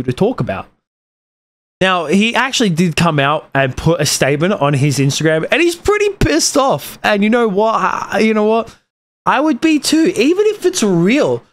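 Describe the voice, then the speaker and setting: Rambling young man swearing on camera. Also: fairly high pitch. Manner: rambling, swears often, many restarts. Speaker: YouTuber. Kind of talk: casual commentary vlog.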